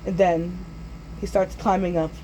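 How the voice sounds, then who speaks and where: Animated teenage boy telling a story. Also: high-pitched, measured pace, a little hiss or hum, rough recording. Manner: animated, jumps into yelled character voices. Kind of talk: casual storytelling video.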